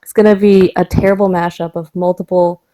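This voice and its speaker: A woman's voice: lowish voice, little pitch movement, brisk, mellow, poor audio. A woman describing her character in a casual tabletop game, hesitant with many fillers and laughs. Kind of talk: casual tabletop role-play.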